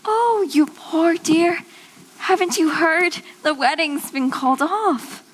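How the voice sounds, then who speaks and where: A woman's voice: very high-pitched, slow pace, low-quality recording. A woman playing a vain young bride and stage star, dramatic and flustered on a stage. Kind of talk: stage musical acting.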